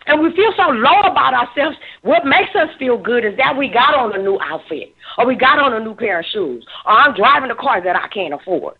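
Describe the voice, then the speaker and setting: A woman's voice: fairly high pitch, animated, brisk, hardly any pauses, husky. A woman in her fifties giving emphatic, emotional social commentary, repeating words as she presses her points. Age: 50s. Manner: emphatic, preachy, repeats words when stirred. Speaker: talk show commentator. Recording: tinny phone-like line.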